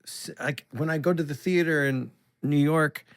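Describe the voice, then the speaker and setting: A man from Canada, a guest on a podcast, chatting casually and telling animated stories that slip into comic voices. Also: fairly high pitch, moderate pace, clear, resonant tone. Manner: animated storyteller, often slips into comic voices. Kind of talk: casual chat.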